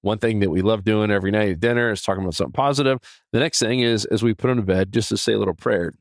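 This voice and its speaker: A man's voice: lowish voice, racing, no echo, studio quality. A middle-aged man hosting a podcast, talking in a casual, earnest way about prayer, with many restarts and fillers. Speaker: podcast host. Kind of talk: casual devotional talk.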